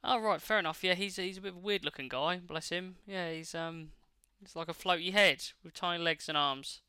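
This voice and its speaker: Bright-voiced man, sweary and rambling. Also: high-pitched, a little fast, smooth, dry recording. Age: late 20s. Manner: sweary, rambling, lots of fillers and restarts. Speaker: podcast co-host. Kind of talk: casual chat.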